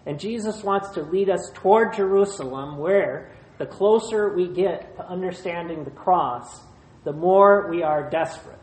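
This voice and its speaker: A pastor preaching a sermon in short, measured phrases, retelling a scripture passage. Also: medium pitch, a little mellow. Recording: roomy echo.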